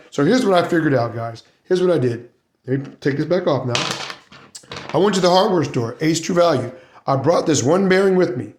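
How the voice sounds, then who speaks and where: A man's voice: on the high side, a little mellow, roomy sound. A man giving a casual hands-on how-to demonstration, chatty and often checking in with "right?" and "guys". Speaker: RC hobby video maker.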